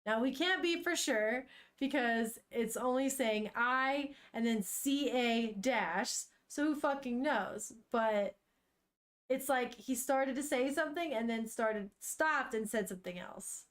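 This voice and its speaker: A woman with a fairly high voice reads a manga aloud at an easy, drawn-out pace. She chats with her viewers as she goes, giggling often and swearing casually. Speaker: streamer.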